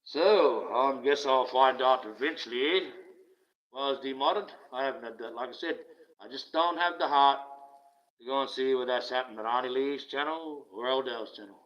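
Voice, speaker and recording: A man rants casually on his livestream. He is profane and sarcastic, and he swings between loud outbursts and low mutters. His voice has a middle pitch, and the audio is dull and lo-fi. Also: moderate pace. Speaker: livestream host.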